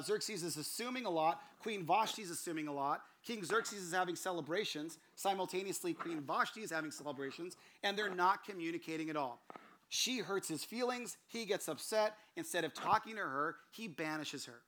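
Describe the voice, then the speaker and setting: A pastor preaching to his congregation, telling funny stories and acting out the voices in them. His voice sits high and bright, with a faint hiss of noise under it. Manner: animated storytelling with laughs and acted-out quotes. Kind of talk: sermon.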